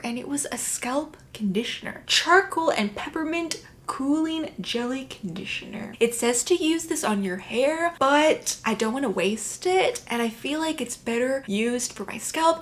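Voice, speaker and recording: A woman vlogging casually at home at night, chatty and playful, sometimes dropping to a whisper. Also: fairly high pitch. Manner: chatty and playful, drops into whispers now and then. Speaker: beauty vlogger. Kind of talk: casual chat to camera.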